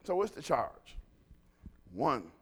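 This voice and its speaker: A man preaching a lively sermon, telling stories and calling the congregation to respond. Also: medium pitch, slow, husky. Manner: animated, call-and-response with congregation.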